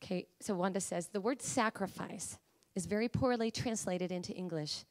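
A woman preacher delivering a sermon, emphatic and pleading, at times rising to high fervent cries. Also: normal speed, a little mellow.

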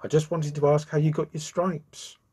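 A man's voice: a little high, level tone, normal speed, a little mellow, slightly rough, voice pushed up. A man voicing a vain, eager young male bee in a children's storybook who keeps politely apologising.

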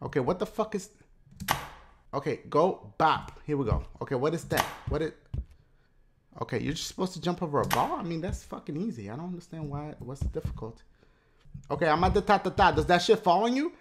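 A man giving loud, profane commentary while he plays a video game, often yelling at what happens on screen. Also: on the high side, very animated, brisk, noisy background. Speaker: gaming YouTuber. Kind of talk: gameplay commentary.

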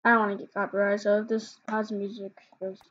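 A woman's voice: mid-range voice, flat delivery, fast, fairly bright tone, dull audio, a little hiss or hum. A woman hosting a casual reaction video, rambling with hesitant fillers and restarts.

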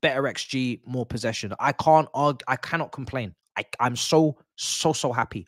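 A man hosting a live football watch-along, chatting excitedly to his viewers as a fan. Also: medium pitch, normal speed, few pauses, no room sound, studio quality. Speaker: football fan channel host.

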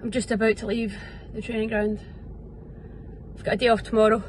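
Talking fast in a fairly high voice with little pitch variation, a young Scottish woman who plays football professionally chats casually to her phone in a vlog, with background noise audible. She's self-mocking and cheerful, whispering in the early morning, filming indoors at home and at training.

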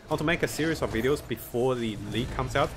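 Against a noisy background, a man with a mid-range voice talks fast while streaming a strategy game. His live commentary thinks through his moves aloud, greets viewers, and is punctuated by frequent chuckles.

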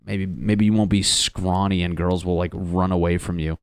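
A man from Connecticut rambles through a solo comedy podcast with a deep, low voice. He swears freely and mocks himself as he riffs. The sound is dry and close. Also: fairly even intonation, moderate pace, few pauses, smooth, dry recording. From Connecticut, USA. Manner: profane, self-mocking, riffing. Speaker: podcast host.

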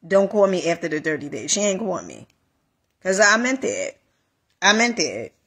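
A woman life coach giving a casual motivational talk, animated, repeating phrases and calling listeners honey. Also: fairly low pitch, normal speed, breathy edge.

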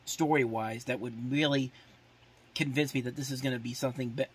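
A man's voice: medium pitch, steady tone, fairly quick, slightly rough. A man hosting a podcast, giving a casual, rambling movie preview full of "like" fillers and restarts, openly opinionated and exasperated. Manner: opinionated, exasperated about films. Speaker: podcast host.

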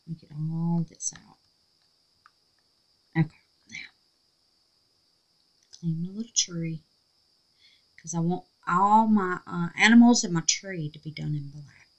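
Woman, middle-aged, craft vlogger. Slow, lowish voice, talks to herself as she works. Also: fairly bright tone, low-quality recording. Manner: chatty, talks to herself and viewers while working. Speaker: resin craft channel host. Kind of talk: casual crafting tutorial talk.

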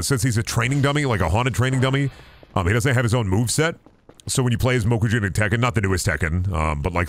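A man streaming a game live, swearing a lot and talking straight to his chat in an excitable, rambling way. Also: on the low side. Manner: profane, excitable, talks to chat. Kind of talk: casual live-stream commentary.

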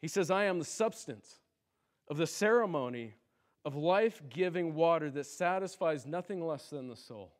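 A man preaching a sermon in a church, impassioned, rising to loud cries and then dropping low and quiet. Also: lively intonation, normal speed. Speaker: pastor. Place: church sanctuary.

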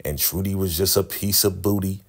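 A man with a very low, husky voice talks through a TV episode recap. He keeps it chatty and loose, speaking to his viewers like friends. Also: steady tone, moderate pace. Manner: chatty, conversational, drawling. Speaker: TV recap vlogger.

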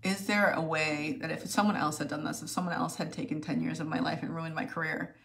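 A woman speaking to her viewers, telling a personal story in a halting, emotional way with many restarts. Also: low-pitched, steady tone, creaky, fairly bright tone. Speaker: video host sharing a personal story.

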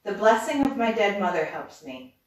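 A woman's voice: mid-range voice, big pitch swings, normal speed, natural voice. A woman reading a storybook aloud, voicing a timid, polite young girl who speaks carefully in archaic words, recorded from a distance in a roomy space. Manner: careful, quiet, archaic speech.

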